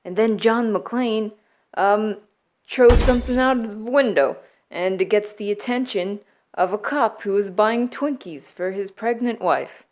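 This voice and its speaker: A young adult woman vlogger retelling movie plots from memory in a playful, deadpan way, laughing often. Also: medium pitch, measured pace, a little hiss or hum. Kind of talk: comedic movie recap from memory.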